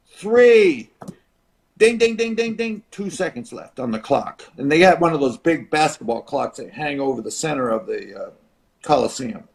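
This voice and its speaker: An older man, a retired wrestler, telling a story as a podcast guest and acting out the voices of others with big shifts in loudness. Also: fairly high pitch, gravelly. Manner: acts out voices of others in his stories, dramatic shifts in loudness. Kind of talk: animated storytelling.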